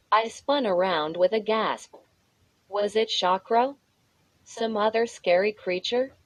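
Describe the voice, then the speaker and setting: Slow, dry-voiced woman reading a story. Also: mid-range voice, no echo, low-quality recording. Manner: reads punctuation aloud. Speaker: narrator. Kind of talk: scripted reading of a children's horror story.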